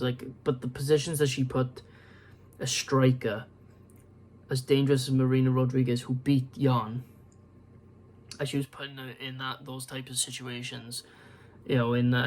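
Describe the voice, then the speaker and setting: Man, tired, rambling, casual fight-prediction talk, lots of fillers, mid pitch. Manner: rambling with many fillers and restarts. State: tired, yawning. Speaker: MMA prediction channel host.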